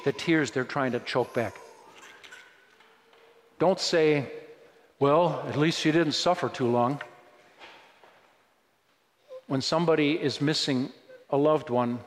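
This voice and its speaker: Pastor, male, slightly high voice, conversational preaching with emphatic bursts, big reverberant hall. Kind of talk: sermon. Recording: long reverb of a large hall.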